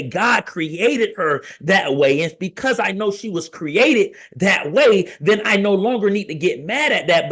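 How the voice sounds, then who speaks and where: A man in his thirties hosting a podcast, talking casually and preaching to fathers, with an animated storytelling manner. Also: high-pitched, husky. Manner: animated storyteller, acts out family quotes in raised voice. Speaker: podcast host.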